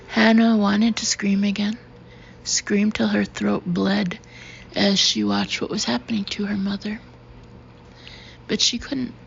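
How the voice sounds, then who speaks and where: A woman narrates an audiobook in a steady, level reading with a gravelly texture. Her pitch stays flat throughout. The recording sounds dull, with faint background noise. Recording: dull, slightly noisy recording.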